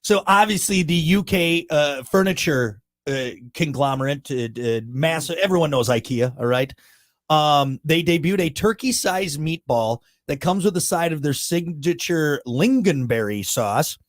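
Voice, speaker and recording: A man co-hosting a podcast, chatting casually and riffing with animated emphasis. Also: on the high side, measured pace. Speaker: podcast co-host. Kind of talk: casual chat.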